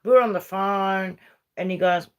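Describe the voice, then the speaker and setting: A woman's voice: mid-range voice, steady tone, normal speed, clean tone, lo-fi sound. A middle-aged woman from Uruguay, a Spanish speaker chatting casually with viewers on a livestream. She rambles and switches between English and Spanish. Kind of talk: casual live-stream chat.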